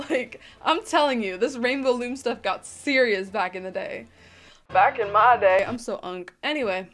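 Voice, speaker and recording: This YouTube host, a woman in her twenties, has a mid-range voice. She's making a laid-back reaction video, reading someone's online post out loud and punctuating it with lively, slang-heavy emphasis.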